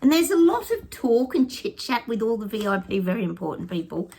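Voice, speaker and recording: A woman's voice: a little high, very animated, fairly quick, vocal fry, a little mellow, slightly rough. A woman chatting to camera in a sarcastic, laughing way, vlogging to her viewers. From Australia. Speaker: psychic vlogger. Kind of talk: casual chat to camera.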